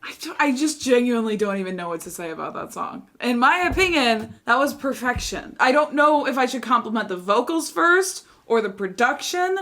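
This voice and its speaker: A woman's voice: fairly high pitch, animated, a little fast, few pauses, a bit bright. A woman hosting a music reaction video, talking casually and enthusiastically, with lots of "like" fillers. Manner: enthusiastic, chatty, frequent "like" fillers.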